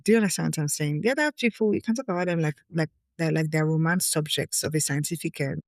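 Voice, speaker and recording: A woman's voice: low-pitched, a little mellow, no echo. A woman reads her own essay in a close, dry recording with little room sound. She is candid and emotional, and she often breaks off to speak straight to her listeners. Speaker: podcast host. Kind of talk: reading her own article with personal asides.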